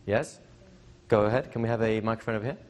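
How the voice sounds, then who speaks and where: A middle-aged man leads a live hypnosis seminar, talking fast in a lowish voice with fairly even intonation. Chatty and repetitive, he often poses questions to the audience to check in.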